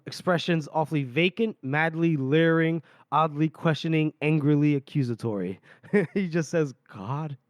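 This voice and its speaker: A man's voice: a little high, smooth, no room sound. A man on a podcast retelling a fantasy novel chapter, reading passages aloud and laughing often as he goes. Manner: laughs often while retelling, voices characters lightly. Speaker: podcast host. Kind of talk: casual book recap with read-aloud passages.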